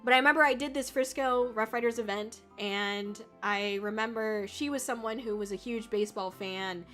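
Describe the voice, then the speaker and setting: A woman's voice: medium pitch, fairly bright tone. A woman VTuber chatting casually on a livestream, rambling with lots of fillers and the odd swear. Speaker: VTuber streamer. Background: faint music.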